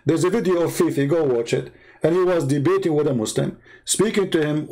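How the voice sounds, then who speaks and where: A man hosts a livestream in a scornful, emphatic voice that sits somewhat high. His English is non-native, with broken grammar, and his voice sounds slightly hoarse. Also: fairly quick, warm tone. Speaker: host of a debate livestream. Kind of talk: livestream commentary while calling viewers.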